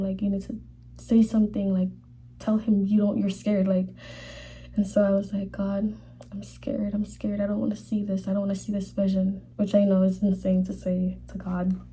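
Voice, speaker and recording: A young woman telling a personal faith testimony in a halting, casual way, full of fillers, sometimes dropping to a whisper. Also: medium pitch, warm tone, husky. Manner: halting, many fillers, drops to whispers when emotional. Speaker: vlogger sharing a faith testimony.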